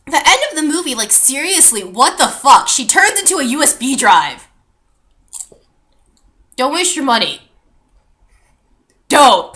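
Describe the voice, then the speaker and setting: A woman's voice: fairly high pitch, bright, forceful tone. A young woman ranting in a vlog, exasperated and full of fillers and swearing. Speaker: vlogger. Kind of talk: movie rant vlog.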